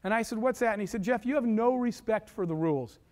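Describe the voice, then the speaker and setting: A man's voice: high-pitched, fast talker. A man telling a long personal story to an audience as a keynote speaker, acting out the voices of the people he quotes. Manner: animated, acts out quoted voices. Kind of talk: storytelling talk.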